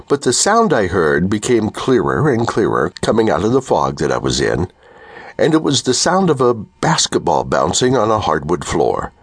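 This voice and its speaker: A man reading a first-person audiobook in a measured storytelling manner. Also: fairly low pitch, husky, dry recording. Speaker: audiobook narrator.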